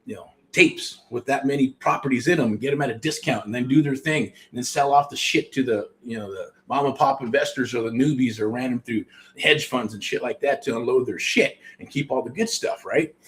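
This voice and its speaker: A middle-aged American man hosts a show and pitches a program in casual promotional talk. He speaks briskly, rambles, interrupts himself with restarts, and swears often.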